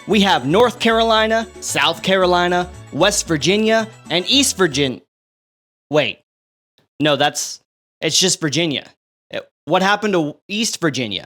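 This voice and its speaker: A young man giving a sarcastic, animated comedic commentary over a map, with big jumps in pitch for emphasis. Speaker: online creator.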